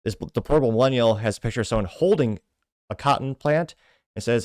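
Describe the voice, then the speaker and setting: A man's voice: mid-range voice, expressive, normal speed, no room sound, studio quality. A man hosting a podcast, casually reading social media comments aloud in a stumbling, self-deprecating way with frequent restarts. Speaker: podcast host.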